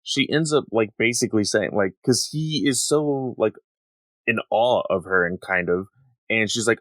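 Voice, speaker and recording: A man co-hosting a casual podcast, talking in a relaxed way with many "like" fillers. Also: on the low side, normal speed, no echo. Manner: relaxed, heavy use of "like". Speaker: podcast co-host.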